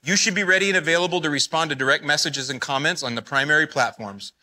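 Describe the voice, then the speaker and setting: A man's voice: a little high, fast, bright, forceful tone. A man giving a live talk at a business conference, speaking in a blunt, folksy and fired-up way. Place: conference hall.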